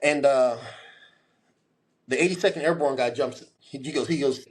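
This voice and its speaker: Male podcast guest, forties, lively storyteller voicing his characters, slightly high speaking voice. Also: normal speed. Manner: animated storyteller, acts out quoted dialogue.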